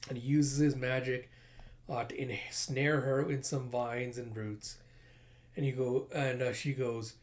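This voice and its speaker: A man's voice: mid-range voice, level tone, unhurried. A man casually reading a comic aloud and commenting, swearing a lot and adding mouth sound effects. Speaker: comic reader and reviewer. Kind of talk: casual comic book readthrough.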